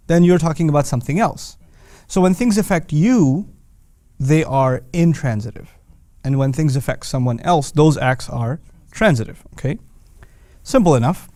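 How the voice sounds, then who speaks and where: A man's voice: fairly high pitch, a little mellow, dry recording. Man explaining with casual slang. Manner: conversational, patient explaining with slang asides. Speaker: Quran teacher. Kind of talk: scripted video lesson.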